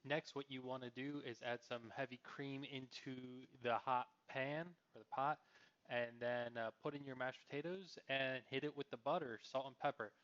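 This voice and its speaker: A man's voice: medium pitch, fairly even intonation, moderate pace, a bit bright. A man giving plain step-by-step cooking instructions in a voice-over. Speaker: cooking vlogger. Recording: dull lo-fi voice-over.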